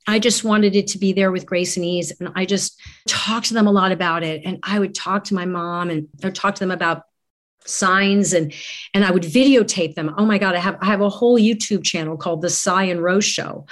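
A middle-aged woman with a voice on the low side speaks a little fast as a guest in a candid conversation. She's earnest and reflective, often restarting her phrases.

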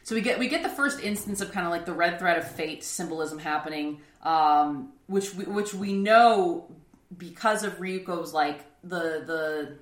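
Woman with a low voice in a roomy recording. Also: normal speed. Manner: rambling, with frequent restarts and laughter. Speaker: podcast co-host. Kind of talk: casual anime discussion. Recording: roomy echo.

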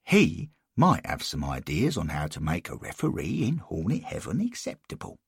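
A man's voice: deep voice, wildly swooping pitch, normal speed, creaky, breathy edge, no room sound, clean studio sound, full character voice. A man voicing an earnest, helpful man who guides a newcomer, in a raised, eager voice.

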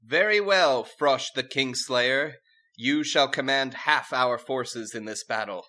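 A brash, rebellious teenage princess, as a man puts her on in a storytelling comedy, pitched high above his normal voice and loud. She proclaims grand decrees in a pompous, mock-regal manner, bright and forceful. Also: slow pace. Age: 14 (figure). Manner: pompous decrees, crude outbursts.

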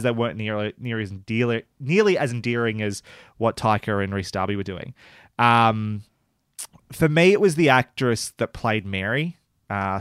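A man's voice: mid-range voice, fairly bright tone, clean tone, no echo. Guy chatting about a tv show, bouncy up and down delivery, dry close sound. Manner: hesitant, self-conscious, restarts often. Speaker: podcast co-host. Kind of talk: casual TV review chat.

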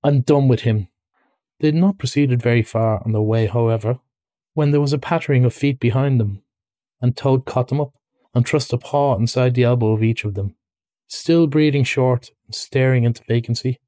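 A man's voice: medium pitch, moderate pace, warm tone, no echo. Man reading a storybook, dry and close. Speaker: reader. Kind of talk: audiobook-style storybook narration.

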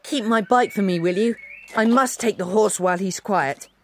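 A woman's voice: medium pitch, moderate pace, slight background noise, natural voice. A woman voicing a brave boy who speaks earnestly and soothingly.

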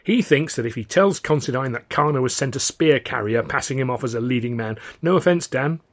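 A man voicing a gossipy, exasperated woman performer who complains about her husband, with a husky voice and a raised, louder tone. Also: mid-range voice, expressive, a little fast, natural voice. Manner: chatty, put-upon, dismissive of husband.

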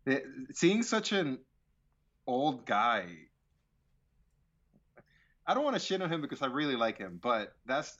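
A man's voice: fairly high pitch, a bit bright. Laughing man on dull lo-fi audio. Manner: laughing, loose and profane. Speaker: podcast co-host. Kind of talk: casual movie review chat.

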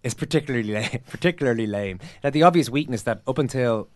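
A man's voice: medium pitch, animated, quick pace, no echo, clean studio sound. An Irish man hosting a sports podcast in casual chat, wry and often laughing. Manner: wry, laughing, mock-dramatic delivery. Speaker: podcast host.

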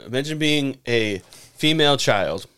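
A man's voice: mid-range voice, expressive, moderate pace, fairly bright tone, clear, resonant tone. A man co-hosting a casual podcast chat, hesitating with ums and chuckling easily. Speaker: podcast co-host.

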